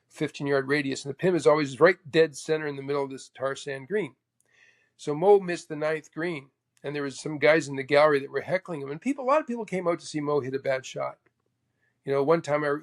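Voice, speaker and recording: A man from Canada tells golf stories as an interview guest, with a gravelly, raspy texture and a slightly high pitch. He talks in an animated way and acts out the other people in his tales. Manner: animated anecdote teller, acts out the voices of others. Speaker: guest, former tour golfer. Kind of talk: casual storytelling interview.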